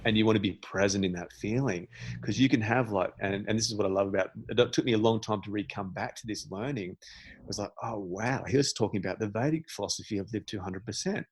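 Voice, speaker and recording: A man's voice: lowish voice, fast, husky, no echo. A man in his forties, a meditation teacher, telling a candid, reflective story as a podcast guest, with frequent restarts. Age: 40s.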